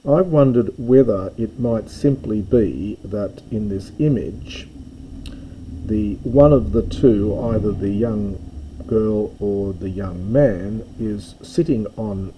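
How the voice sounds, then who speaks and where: A man's voice: lowish voice, slow, muffled recording, a little hiss or hum. A man teaching a close reading of an ancient text, thinking aloud with hesitations and self-corrections. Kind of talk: unscripted close-reading lesson.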